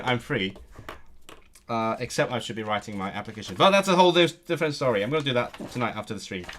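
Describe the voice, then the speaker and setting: A young man streaming casually, reading aloud and thinking out loud, often stumbling and restarting his sentences. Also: mid-range voice, slight background noise. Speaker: language-learning streamer.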